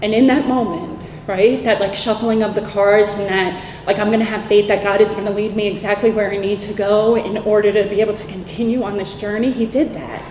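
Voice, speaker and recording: A woman in her thirties with a New York accent, telling her personal recovery story candidly at a convention, in animated talk full of "like" and "right?". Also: mid-range voice, fairly quick, few pauses, slight background noise. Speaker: recovery meeting speaker. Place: convention hall. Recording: echoey hall with faint ambience.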